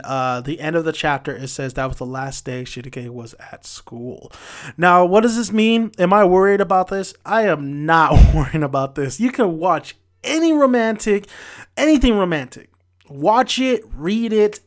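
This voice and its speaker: A man with a fairly high-pitched voice talks through a review in a loose, casual way. He is energetic and excitable, and he restarts and trails off as he goes. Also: a little slow. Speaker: manga reviewer.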